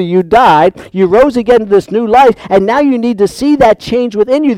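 A man preaching a sermon, shifting from quiet personal storytelling to loud, fervent calls. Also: high-pitched, no room sound. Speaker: pastor.

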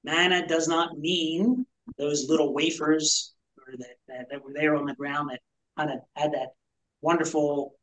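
A man's voice: a little high, fairly even intonation, unhurried, fairly bright tone, poor audio. A man teaching a Bible study to a small group in a conversational, explanatory way, asking rhetorical questions.

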